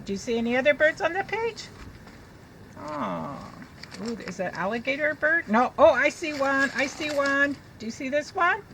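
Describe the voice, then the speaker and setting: A woman teaching young children to read, reading a picture book aloud in a slow, sing-song way and sounding out letters. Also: sits high, pushed and bright, a little hiss or hum, low-quality recording.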